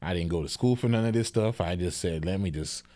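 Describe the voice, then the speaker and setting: A man guesting on a podcast, telling animated stories and laughing through his lines. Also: deep voice, a little fast, dry recording. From New Jersey. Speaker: guest artist. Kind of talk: casual podcast chat.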